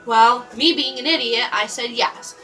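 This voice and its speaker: A woman talks straight to the camera in a rambling storytime vlog, stopping and restarting her sentences. Her voice sits a bit high and sounds bright and sharp. Soft music plays faintly behind her. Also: rough recording. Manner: rambling, halting with many restarts and fillers. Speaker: vlogger.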